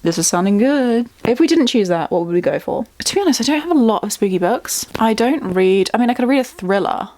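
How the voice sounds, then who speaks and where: A woman's voice: a little high, lively intonation, fairly quick, hardly any pauses, a little mellow, no room sound. A young woman chatting casually as a book vlogger at home, bubbly and talkative, thinking aloud. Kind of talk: casual chat.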